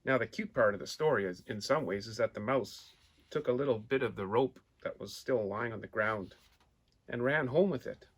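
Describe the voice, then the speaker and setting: Male storyteller reading to children, lively, draws listeners in with questions and pictures. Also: mid-range voice, moderate pace. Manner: animated, asks listeners questions; points out pictures while telling.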